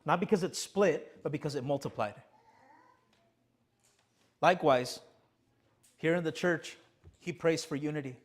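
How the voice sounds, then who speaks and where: A young male pastor delivers a sermon, his voice sitting a little high. He presses his points repeated rhetorical questions and answers them himself. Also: unhurried, pauses often. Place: church sanctuary.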